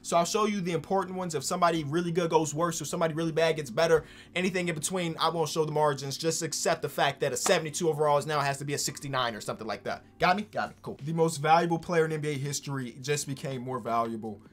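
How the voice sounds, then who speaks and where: Excitable man doing game commentary. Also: fairly high pitch, quick pace, hardly any pauses. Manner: excitable, swings from hyped to dry asides. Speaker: basketball gaming YouTuber. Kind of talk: casual gameplay commentary.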